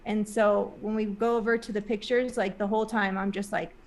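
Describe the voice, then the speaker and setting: A woman's voice: medium pitch, level tone, brisk. A woman guest in an interview, telling a personal story in a casual, rambling way with many "like" and "um" fillers, earnest and emotional.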